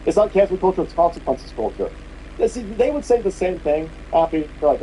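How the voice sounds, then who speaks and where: Brief: male podcast host, furious mocking rant, pitch swinging widely, mellow tone, faint hiss behind. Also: animated, fairly quick, poor audio. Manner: profane, mocking, heated. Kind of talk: angry political rant.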